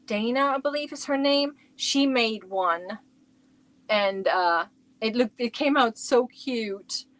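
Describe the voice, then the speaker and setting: A woman's voice: a little high, takes it slowly, a bit bright. A middle-aged woman chatting casually on her crochet livestream from home, rambling and talking to viewers by name.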